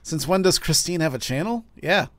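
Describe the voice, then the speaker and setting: A young man hosting a casual multiplayer game session, excitable, swearing and laughing at the game. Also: on the high side, normal speed, no echo. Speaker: gaming channel host. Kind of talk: casual multiplayer let's-play chat.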